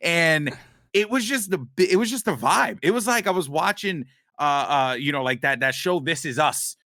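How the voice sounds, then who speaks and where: A man co-hosting a podcast, telling a long story in a rambling, animated way, with many restarts and swearing. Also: fairly high pitch, normal speed, no room sound, clean studio sound. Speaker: podcast co-host. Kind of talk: casual storytelling chat.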